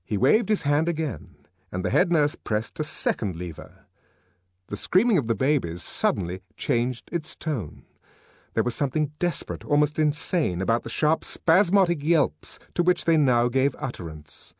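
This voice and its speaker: Man narrating with a lively, swooping voice. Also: medium pitch, slightly rough, no room sound, studio quality. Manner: measured, expressive storytelling. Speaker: audiobook narrator. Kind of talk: scripted narration.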